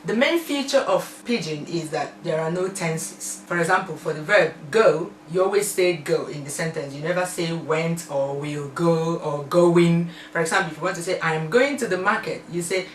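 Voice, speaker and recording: A young Nigerian woman with a slightly low voice chats playfully through a list of questions, laughing between her answers. She sounds a little distant, and the room around her echoes. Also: moderate pace, hardly any pauses, a little hiss or hum. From southeastern Nigeria. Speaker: vlogger. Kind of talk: casual tag video answering questions.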